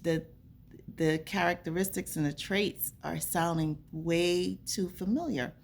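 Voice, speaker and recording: A woman speaks to her camera in an earnest, conversational way, recounting something from her own life. Her voice sits low and has a gravelly edge. A faint hum of noise runs underneath. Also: a little slow. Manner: earnest, conversational, acts out remembered dialogue. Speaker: vlogger. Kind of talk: casual personal storytelling to camera.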